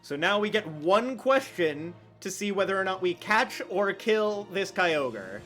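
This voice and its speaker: A man's voice: sits high, big pitch swings, a little slow, fairly bright tone, soft background music. A man giving casual, joking commentary while streaming a game, laughing often.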